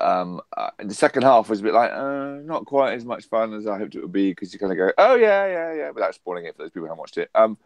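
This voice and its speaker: A man co-hosting a podcast in casual chat, dropping quick, dry remarks. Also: fairly low pitch, no echo.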